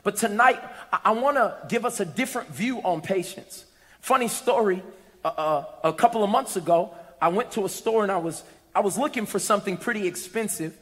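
A man preaching a sermon to a congregation, lively and humorous, rising to shouts at times. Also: sits high, a little fast. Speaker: pastor. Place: church sanctuary with congregation. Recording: long reverb of a large hall.

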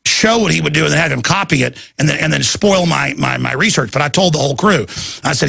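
A man's voice: medium pitch, brisk, vocal fry, sharp tone, husky, no room sound. A man hosting a talk radio show, delivering an urgent, emphatic ranting monologue.

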